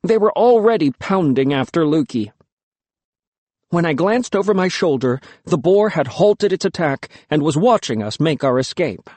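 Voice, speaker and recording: A man's voice: fairly high pitch, lively intonation, normal speed, a little mellow, no echo. A man narrating an audiobook in the first person, telling the story expressively and without hurry.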